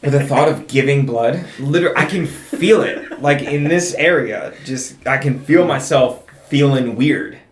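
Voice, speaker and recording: A man's voice: medium pitch, unhurried, hardly any pauses. Man telling a story in a roomy echo. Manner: animated storyteller, laughs a lot, says dude. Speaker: podcast co-host. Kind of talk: casual chat, storytelling. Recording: roomy echo, faint hiss.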